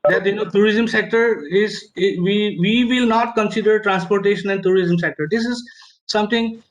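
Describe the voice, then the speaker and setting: A man, a tour business owner speaking in a webinar, halting and emotional, full of fillers and restarts. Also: high voice, low-quality recording. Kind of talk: webinar discussion. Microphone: video call.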